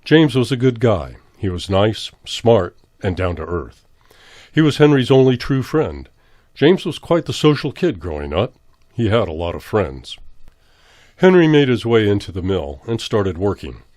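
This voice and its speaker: A man reading a horror story aloud in a measured, dramatic way. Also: fairly low pitch, very animated, a little mellow, dry recording, clean studio sound. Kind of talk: scripted horror narration.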